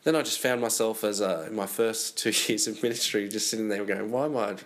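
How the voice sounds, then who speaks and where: A young man speaks as a podcast guest, easygoing and quick to laugh, often restarting his sentences. He is recorded on a passed-around phone in a small bedroom. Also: lowish voice. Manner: relaxed, laughs easily, frequent restarts. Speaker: church planter.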